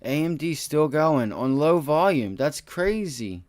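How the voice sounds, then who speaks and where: Speaking at a measured pace, a male livestream host delivers boastful, slangy day-trading commentary directly to his audience. His energy jumps from loud, thrilled bursts to low self-directed mumbling, and the audio is studio quality with no echo.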